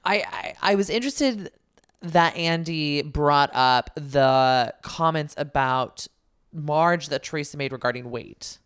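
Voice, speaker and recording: A woman co-hosting a casual chat, talking quickly with jokes and asides. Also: sits low, smooth. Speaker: podcast co-host. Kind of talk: casual chat about reality TV.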